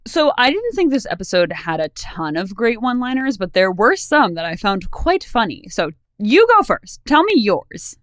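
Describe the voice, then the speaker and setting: A woman's voice: medium pitch, normal speed, few pauses, no room sound. A woman co-hosting a podcast, chatting casually about a TV episode with frequent giggles. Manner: giggly, relaxed, trails off with fillers. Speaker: podcast co-host. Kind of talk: casual chat recapping a TV episode.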